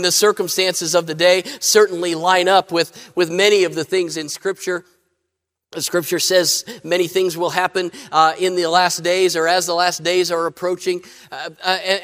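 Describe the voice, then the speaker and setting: A man with a fairly high voice delivers a sermon from the pulpit. He speaks plainly, and he often restarts his phrases with fillers. His words trail off into the long reverb of a church. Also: fairly bright tone. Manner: plain-spoken, frequent fillers and repeated starts. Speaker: pastor. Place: church sanctuary.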